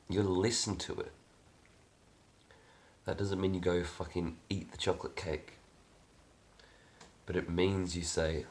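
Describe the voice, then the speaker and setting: A man's voice: low voice, fairly even intonation, measured pace, long pauses, a little mellow. A man talking casually in a reflective self-help vlog, earnest and coaching, swearing freely.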